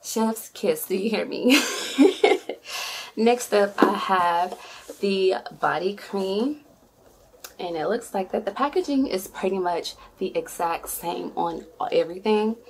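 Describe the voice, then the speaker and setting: A woman's voice: medium pitch, a little slow, vocal fry, a little hiss or hum. A woman vlogging an unboxing, chatty and effusive, often squealing with delight. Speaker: beauty vlogger. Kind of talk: excited unboxing vlog.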